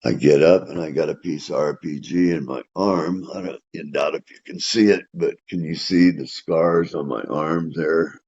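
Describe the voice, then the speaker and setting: An older man, a veteran, telling his story in a plainspoken, rambling way with dark humor, in a dull lo-fi recording. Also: extremely low pitch, moderate pace, few pauses, husky. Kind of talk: casual storytelling.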